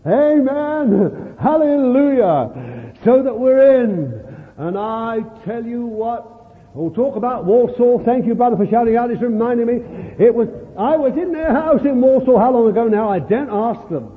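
A man's voice: very high voice, animated, moderate pace. A man preaching a sermon to a congregation, fervent and exclamatory, calling out to his listeners. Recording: echoey hall, tinny lo-fi line.

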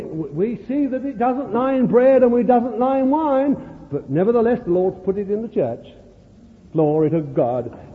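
A man's voice: very high-pitched, slight background noise. A man preaching a sermon to a congregation, fervent and exclamatory, calling out to his listeners. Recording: echoey hall, tinny lo-fi line.

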